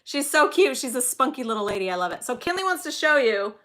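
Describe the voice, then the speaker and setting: A woman's voice: high-pitched, big pitch swings, fast, bright, forceful tone. A woman in her thirties hosting a casual live-stream trivia game, chatty and giggly, telling little stories between questions. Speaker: livestream trivia host and mother.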